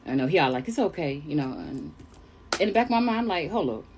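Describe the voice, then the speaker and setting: A young woman from New York telling a chatty storytime tale, animated and calling listeners honey. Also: low voice, quick pace, a little hiss or hum. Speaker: storyteller vlogger. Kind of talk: casual storytime monologue.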